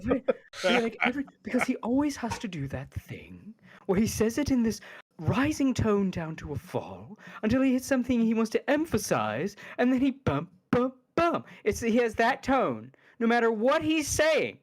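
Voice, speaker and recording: Podcast guy, opinionated, rambles and restarts, pitch jumps around a lot. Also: sing-song, moderate pace. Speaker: podcast co-host. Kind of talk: casual podcast chat.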